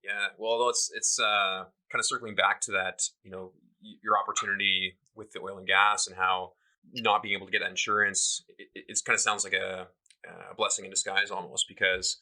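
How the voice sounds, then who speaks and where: A man's voice: sits low, level tone, a little fast, bright, forceful tone, low-quality recording. A man hosting a podcast, asking long, rambling, hesitant questions. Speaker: podcast host. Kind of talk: interview questions.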